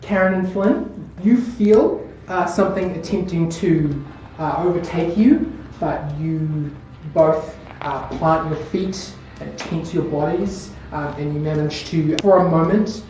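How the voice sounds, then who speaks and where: A woman narrating as game master of a tabletop game, describing scenes in a relaxed way. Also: low-pitched, measured pace, hardly any pauses. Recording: distant echoey room, faint noise.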